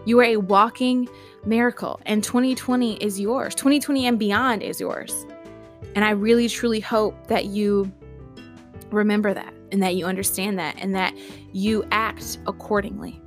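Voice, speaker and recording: A podcast host delivers a motivational monologue in a medium-pitched voice with fairly even intonation at normal speed, faint music behind her. She speaks emphatically, repeats herself, piles up words, and laughs between lines.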